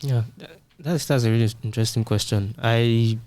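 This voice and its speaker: A man's voice: mid-range voice, fairly even intonation, normal speed, a little mellow, dry recording. A man co-hosting a tech podcast, explaining points in a casual, conversational way with everyday comparisons. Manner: explanatory, uses everyday analogies. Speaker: podcast co-host.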